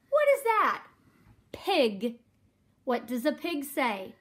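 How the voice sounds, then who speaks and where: A woman therapist reading a picture book aloud at home, slowly naming animals and colors and prompting a young child to repeat words. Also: on the high side, big pitch swings. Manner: slow, exaggerated, prompting questions. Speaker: developmental therapist.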